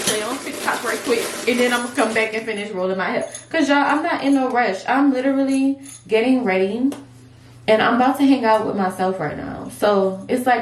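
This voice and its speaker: A young woman vlogging while styling a wig at home, talking candidly and swearing freely in casual girl-talk. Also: medium pitch. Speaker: beauty vlogger. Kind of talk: casual chatty vlog. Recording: echoey room with faint noise.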